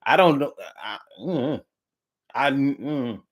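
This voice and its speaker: A man's voice: medium pitch, animated, slow, a little hiss or hum. A man hosting a livestream, reading viewer comments aloud and musing in a casual, drifting way with frequent hums, restarts and the odd swear word. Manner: blunt, with casual profanity.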